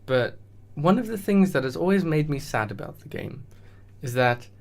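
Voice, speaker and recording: A man's voice: a little high, animated, normal speed, gravelly. A man chatting casually as co-host, hesitant and thinking aloud. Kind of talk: casual chat.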